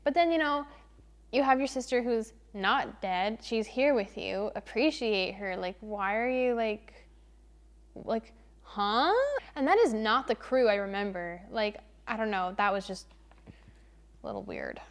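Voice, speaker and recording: A young woman vlogger chatting casually through a book review, animated and exasperated, leaning hard on "literally" and "like.". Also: mid-range voice, measured pace. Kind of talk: casual spoiler-free book review chat.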